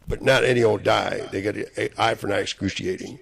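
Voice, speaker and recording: A man's voice: fairly low pitch, fairly even intonation, fairly quick, vocal fry, hardly any pauses. A man delivering a rambling, profane, angry monologue.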